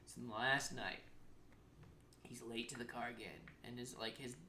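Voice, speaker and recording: Bright-toned young storyteller. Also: mid-range voice, normal speed, a little hiss or hum. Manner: animated storytelling, acts out quotes, swears freely, heavy filler "like". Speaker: podcast storyteller. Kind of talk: casual podcast chat.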